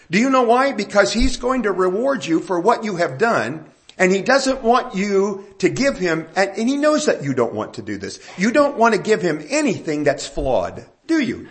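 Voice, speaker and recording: An older man preaching a sermon, telling stories and asking emphatic questions. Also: high voice. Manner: animated storytelling, rising emphatic questions.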